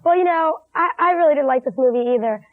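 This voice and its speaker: A woman's voice: sits high, fast, no echo. A female co-host chatting casually about a movie she reviewed, giggly and full of "like". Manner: chatty and giggly, says "like" a lot. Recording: tinny lo-fi 1980s TV broadcast.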